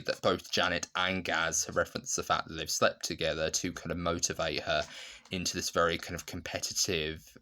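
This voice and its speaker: Deep-voiced man reviewing a sitcom. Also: sharp tone. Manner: chatty, with frequent fillers and restarts, laughing while retelling scenes. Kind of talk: casual spoken review.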